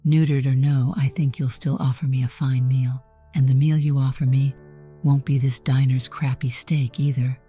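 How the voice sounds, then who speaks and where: A woman's voice: very deep voice, level tone, moderate pace, mellow, breathy edge, soft background music. Woman reading a smug, mocking male predator. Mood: menacing. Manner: theatrical, mocking.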